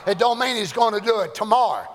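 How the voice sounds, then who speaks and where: A man's voice: sits high, animated, fast talker. A man preaching a fervent, folksy sermon in a church. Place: church sanctuary. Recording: echoey church hall.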